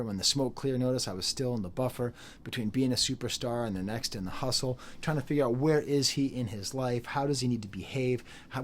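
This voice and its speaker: Casting: young adult male record reviewer, lively and joking, mid-pitched, faint background noise. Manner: animated, jokey, laughs and mimics voices; sings and beatboxes drum patterns. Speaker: music reviewer. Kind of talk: casual album review.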